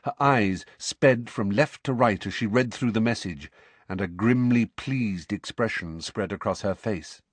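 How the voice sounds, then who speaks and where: A man reading a novel aloud as an audiobook narrator, expressive and storytelling. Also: on the low side, measured pace, breathy edge, no room sound. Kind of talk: scripted narration.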